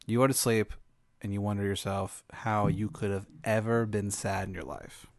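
A man's voice: fairly low pitch, moderate pace, no room sound. A man host telling an improvised hypothetical story in a playful, laughing way.

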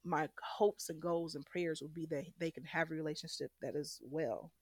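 A woman's voice: deep voice, steady tone, moderate pace, a little mellow, slightly rough, dry recording, clean studio sound. A young woman frankly and emphatically telling a personal story as a guest.

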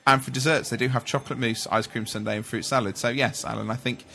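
A man's voice: mid-range voice, steady tone, fast talker, creaky, pushed and bright. A man hosting a casual podcast chat, reading out menu items and laughing along with his co-hosts. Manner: chatty, reads out menu lists, laughs often. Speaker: podcast host.

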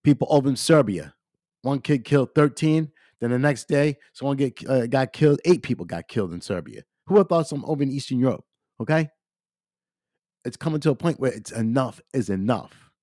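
A man's voice: medium pitch, animated, fairly quick, dark tone, no room sound, studio quality. A man hosting a podcast by himself, ranting in a repetitive, emphatic way with frequent fillers. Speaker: podcast host. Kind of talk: casual solo podcast rant.

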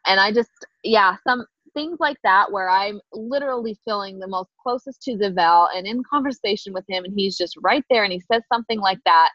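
A woman co-hosting a faith podcast, telling a story in an animated way and acting out the dialogue. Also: mid-range voice, brisk, dry recording, dull audio. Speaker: podcast co-host. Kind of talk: casual faith podcast chat.

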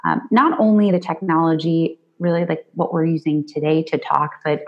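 A woman guest on a podcast, an attorney, with a notably deep voice for a woman. She answers in a measured, deliberate way, filling her pauses with frequent "um"s. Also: fairly even intonation, lo-fi sound. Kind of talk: interview answers.

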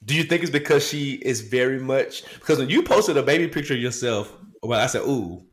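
A man's voice: medium pitch, expressive, a little fast. A man co-hosting a podcast, chatting casually and acting out his kids and himself with laughter. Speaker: podcast co-host. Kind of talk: casual chat.

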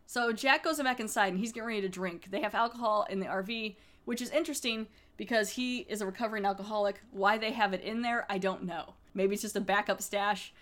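A woman's voice: mid-range voice, fairly even intonation, fairly quick, hardly any pauses, a bit bright. Chatty woman podcast host. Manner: rambling, chatty, laughs as she recaps. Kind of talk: casual episode recap.

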